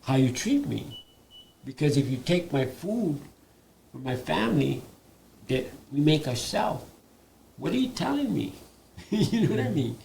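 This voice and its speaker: An older man, a guest elder and artist telling stories in a live panel conversation, animated and laughing between points. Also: on the high side, unhurried, creaky, pauses often, a little hiss or hum. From Hawaii.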